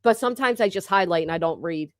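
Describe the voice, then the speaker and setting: A woman's voice: fairly low pitch, lively intonation, quick pace, no echo. Brash woman teasing her chat, dry sound. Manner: brash, chatty, swears freely, teasing viewers. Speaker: livestream host. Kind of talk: casual live-chat banter.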